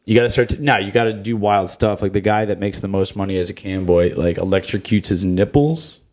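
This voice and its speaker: A man's voice: fairly low pitch, fairly quick, a little mellow. A man hosting a comedy podcast, rambling casually with lots of fillers and laughs. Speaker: podcast host.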